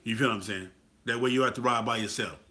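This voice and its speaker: Man, bright forceful voice, preachy pep talk, keeps asking if you feel him. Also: medium pitch, fast. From Atlanta, US. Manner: preachy, repetitive, asks "you feel what I'm saying?". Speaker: motorcycle club talk host. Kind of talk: casual motivational talk.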